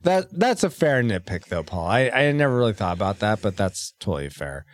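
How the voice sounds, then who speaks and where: A man co-hosting a casual movie review podcast, ranting in an animated, exasperated way. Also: on the low side, brisk, dry recording. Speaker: podcast co-host.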